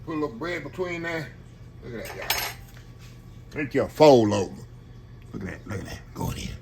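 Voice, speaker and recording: Cooking in his home kitchen for a casual vlog, a Texan host with a Southern accent talks folksily to viewers, calling them y'all. He speaks fast and very animatedly in a slightly high, gravelly voice that sounds pushed and bright, with slight background noise.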